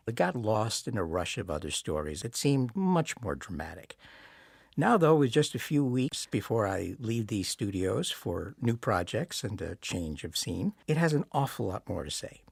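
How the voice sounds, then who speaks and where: A man hosting a radio program, giving a measured, personal introduction to a story. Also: on the low side, vocal fry, slightly rough, dry recording, studio quality. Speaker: radio host. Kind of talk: scripted narration.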